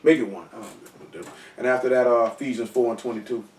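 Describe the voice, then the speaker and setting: A man with a medium-pitched voice talks rapid-fire as he leads a casual Bible study, teaching scripture with slangy, animated, joking asides. He's recorded from a distance in an echoey room.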